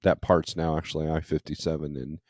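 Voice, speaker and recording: A man's voice: extremely low pitch, little pitch movement, brisk, darkish tone, no echo, studio quality. A man who drives trucks, hosting a casual morning livestream, reading viewer comments aloud and rambling in a blunt, conversational way with many fillers. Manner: blunt and opinionated when griping.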